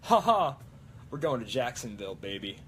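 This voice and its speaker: A man's voice: mid-range voice, sing-song, moderate pace, a bit bright, slight background noise. A man doing an impression of a cocky, wisecracking male demon hunter, with brash, swaggering one-liners. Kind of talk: on-demand character impression.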